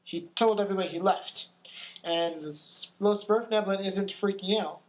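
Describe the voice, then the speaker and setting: A man's voice: high-pitched, normal speed. A young man narrating a tabletop game as game master, often restarting his sentences with ums as he describes scenes. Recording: echoey room.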